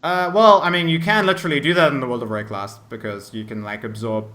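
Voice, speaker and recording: A man running a tabletop role-playing game as game master, narrating and talking with his players in an animated way. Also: medium pitch, fast talker, a little hiss or hum. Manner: animated, switches into character voices.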